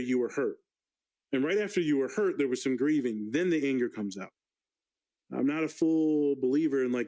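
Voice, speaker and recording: A man's voice: medium pitch, a little mellow, low-quality recording. Candid, joking male therapist on a podcast. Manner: candid, profane, playful. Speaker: therapist guest. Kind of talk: casual podcast chat.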